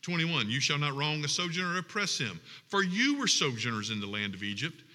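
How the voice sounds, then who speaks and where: A male pastor delivers a sermon with a very bright, ringing voice, pitched slightly above the usual for a man. He swings from scripture readings into emphatic, punchy appeals and playful asides. The sound carries a long reverb from a large church hall. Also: sing-song, a little fast. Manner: preaching with rising emphatic passages and humorous asides.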